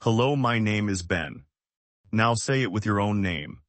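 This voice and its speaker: A man with a fairly low voice leads a scripted English lesson. He speaks in short, simple sentences, slowly and clearly, so learners can follow and repeat. The sound is dry and close, with no room around it. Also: animated, fairly bright tone, no echo. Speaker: English teacher. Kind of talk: slow scripted language lesson.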